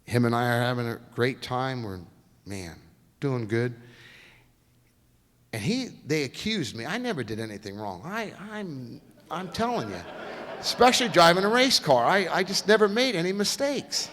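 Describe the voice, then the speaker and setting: A man speaking as a guest lecturer, telling racing stories in a folksy, animated way and acting out the quotes in a lecture hall. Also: mid-range voice, moderate pace. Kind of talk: storytelling lecture.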